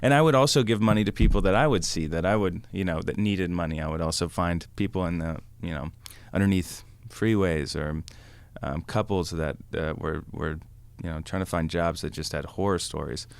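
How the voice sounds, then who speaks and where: Brief: male podcast guest, deep voice, rambling anecdotal storyteller. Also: normal speed, creaky, few pauses, smooth, no room sound. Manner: rambling, lots of fillers and acted quotes. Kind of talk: casual storytelling.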